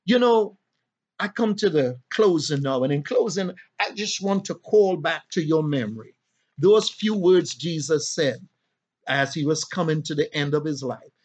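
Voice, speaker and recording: A man preaching a sermon in a rhythmic style, building to emphatic, drawn-out peaks. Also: fairly high pitch, lively intonation, a little mellow, muffled recording.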